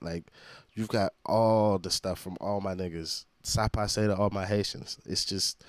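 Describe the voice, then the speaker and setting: A man's voice: deep voice, moderate pace, dry recording. A man hosting a reaction video, commenting in a blunt, profane, exasperated way.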